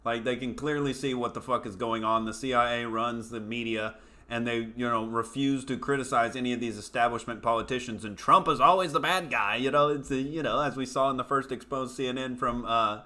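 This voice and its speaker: A man's voice: mid-range voice, a little fast, sharp tone. A male comedian hosting his own show, delivering a profane, scornful rant full of fillers and asides. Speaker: comedian host. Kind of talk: ranting comedy commentary.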